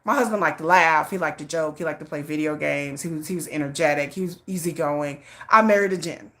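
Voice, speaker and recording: Frank, animated woman with a lowish voice. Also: a little fast. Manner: animated and blunt, with acted quotes and cursing; laughs often. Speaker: livestream host. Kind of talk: candid personal storytelling.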